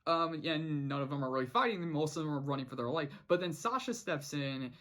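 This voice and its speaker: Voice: mid-range voice, expressive, brisk, a bit bright. Rambling casual cartoon reviewer. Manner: rambling, with frequent restarts and quoted character lines. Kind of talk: casual episode review vlog.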